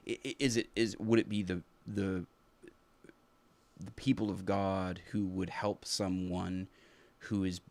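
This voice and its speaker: A man with a low, gravelly voice hosts a live stream. He thinks aloud in an earnest, reflective way, stopping and restarting often. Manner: halting, thinking aloud with many restarts and fillers. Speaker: teacher. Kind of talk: unscripted live stream commentary.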